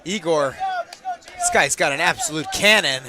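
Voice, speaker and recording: A man calling a game from a commentary booth on a booth microphone, joking with his co-host and bursting loud on big plays. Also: fairly high pitch, lively intonation, moderate pace, crowd noise, background noise. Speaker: sports commentator. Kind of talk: play-by-play commentary with banter.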